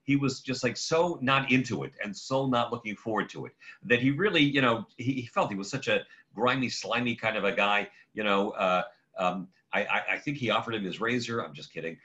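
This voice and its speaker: Teaching a class on a video call, a rabbi with a lowish, pushed and bright voice lectures in a conversational, halting way, drifting into digressions. He names audience members as he takes their questions, and the online audio is muffled and lo-fi.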